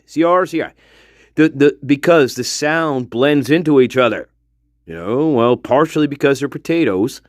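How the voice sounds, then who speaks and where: A man's voice: mid-range voice, no room sound, studio quality. A man hosting a livestream, rambling casually with profanity and frequent laughter. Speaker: livestream host.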